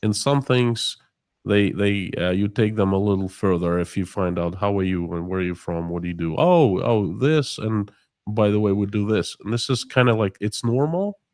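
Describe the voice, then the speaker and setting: A man, his voice sitting on the low side, talks through an interview in a loose, animated way. He slips into quick voices for the people in his stories, with restarts along the way. The sound is dry and close, with little room around it. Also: no echo. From Russia. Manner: animated storyteller, acts out dialogue, many restarts. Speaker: guest. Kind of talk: casual interview chat.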